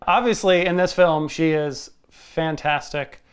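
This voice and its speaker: A man's voice: a little high, unhurried, clear, resonant tone. A man co-hosting a movie review podcast, speaking casually with frequent restarts and laughter. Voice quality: hesitant, many restarts, laughs. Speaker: podcast co-host.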